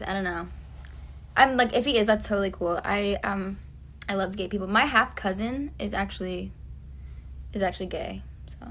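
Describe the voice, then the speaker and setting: A woman's voice: mid-range voice, fairly bright tone, slight background noise. A woman doing a gossipy volleyball-captain girl. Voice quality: valley-girl drawl, lots of "like". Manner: breezy, gossipy, falsely friendly. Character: chatty young woman, high-school volleyball captain type. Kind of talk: comedy impression sketch.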